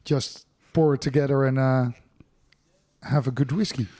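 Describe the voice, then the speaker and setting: A man's voice: mid-range voice, fairly even intonation, normal speed, mellow. A Dutch man hosting a podcast interview in English, enthusiastic, his phrasing full of fillers. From Netherlands. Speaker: podcast host.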